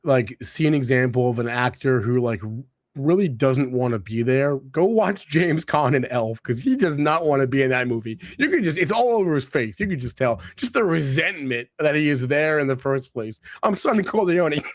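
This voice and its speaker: A man's voice: mid-range voice, lively intonation, normal speed, dry recording, clean studio sound. A man hosting a live morning show, upbeat and greeting viewers by name. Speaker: host.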